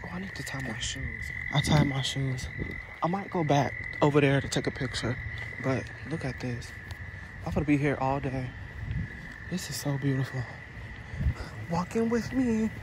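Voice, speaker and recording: A young man vlogs on a handheld phone as he walks a park trail, gushing over everything in an excitable, loose way and swearing freely. His voice sits at a middle pitch. Insects and frogs can be heard clearly behind him. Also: moderate pace, pauses often. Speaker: vlogger. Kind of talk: casual vlog chat. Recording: outdoor noise of bugs and frogs.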